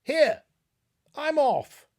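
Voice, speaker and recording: Male reader playing a bewildered young scientist, high, husky, panicky, audiobook. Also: sing-song, takes it slowly, exaggerated voice. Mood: panicked. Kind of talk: audiobook reading.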